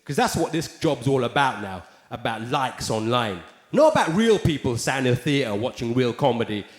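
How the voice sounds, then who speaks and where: A man's voice: mid-range voice, very animated, normal speed. A man performing live stand-up in a theater, sardonic and conversational with rhetorical asides. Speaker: stand-up comedian. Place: theater stage. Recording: roomy live theater with ambient noise.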